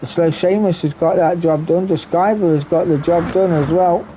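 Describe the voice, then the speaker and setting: Brief: male race commentator, mellow and dark-toned, chatty and excitable, slight hiss behind. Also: fairly high pitch, moderate pace. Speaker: race commentator and league host. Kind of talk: sim racing commentary.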